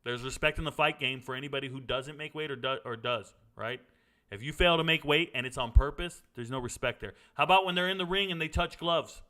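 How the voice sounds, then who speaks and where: A man's voice: medium pitch, a little fast, bright, forceful tone. A middle-aged man hosting a casual sports Q&A, blunt and opinionated, wandering into stories. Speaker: sports commentary host answering viewer questions. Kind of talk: casual live Q&A chat.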